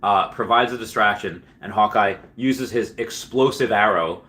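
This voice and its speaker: A man's voice: on the low side, normal speed, sharp tone. A man hosting a casual livestream, telling a rambling story full of fillers and restarts while chatting with viewers. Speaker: livestream host.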